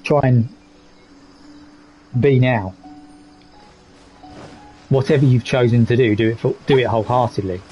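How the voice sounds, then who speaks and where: A man's voice: medium pitch, unhurried, pauses often, dark tone, faint music behind, poor audio. A man live streaming a game, talking candidly and reflectively while reading chat messages aloud. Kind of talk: casual gaming stream commentary.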